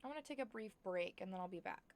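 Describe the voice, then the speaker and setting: A tired young woman from Oklahoma with an Oklahoma accent, chatting excitedly and rambling as she streams a life-simulation game. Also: medium pitch, very fast, slight background noise. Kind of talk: casual chat while playing a game.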